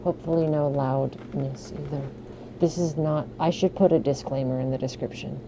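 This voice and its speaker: A soft-spoken woman chatting on a live ASMR stream from her room. Her voice sits low with a gravelly fry, and she talks slowly. She giggles and apologizes often, and the home mic audio carries a noticeable hiss. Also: steady tone. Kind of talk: casual live-stream chat. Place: home room with an air conditioner running. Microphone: studio microphone.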